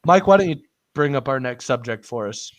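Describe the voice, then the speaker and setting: A man's voice: mid-range voice, expressive, fairly quick. A man co-hosting a casual sports chat, telling a story with frequent laughs. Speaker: podcast co-host.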